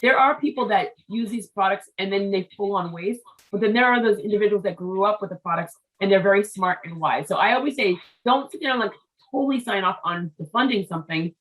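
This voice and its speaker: A woman's voice: mid-range voice, a little fast, fairly bright tone, low-quality recording. A woman hosting a business interview show, chatting casually and telling family stories with many asides and restarts. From Haitian family background. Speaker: show host.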